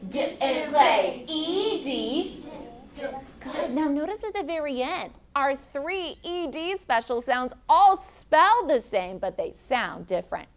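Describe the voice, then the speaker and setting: Woman, teacher, classroom, lively pitch, slow chanted phonics, encouraging. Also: a little hiss or hum. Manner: slow, deliberate chanting of sounds and letters; encouraging, calls on pupils.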